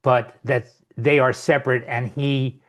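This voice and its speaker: A man's voice: mid-range voice, flat delivery, measured pace, fairly bright tone. A man hosting a podcast, posing a question hesitantly while searching for words. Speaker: podcast host. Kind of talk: interview question.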